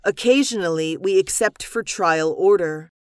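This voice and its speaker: Clear woman reading scripted business dialogue. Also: fairly low pitch, dry recording, clean studio sound. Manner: measured, even, clearly articulated reading. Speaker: dialogue reader and lesson announcer.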